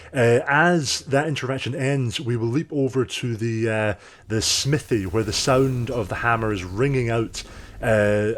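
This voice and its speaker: A man narrating as game master of a tabletop game, rambling with many fillers. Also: medium pitch.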